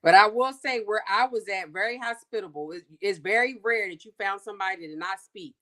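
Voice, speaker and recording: Woman, casual chat, expressive storyteller, conversational. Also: mid-range voice, fairly quick. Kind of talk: casual chat while sewing.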